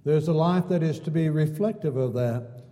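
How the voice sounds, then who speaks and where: A man's voice: fairly high pitch, moderate pace, warm tone. A man preaching a sermon in church, building his points in repeated phrases with folksy asides. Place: church sanctuary. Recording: long church hall reverb.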